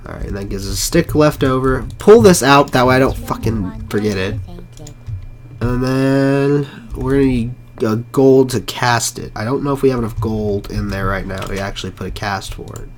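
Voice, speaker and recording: A hoarse man with a sore, rough throat, muttering casual commentary while he plays a game live. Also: medium pitch, normal speed. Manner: mutters to himself while playing, frequent swearing. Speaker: game streamer.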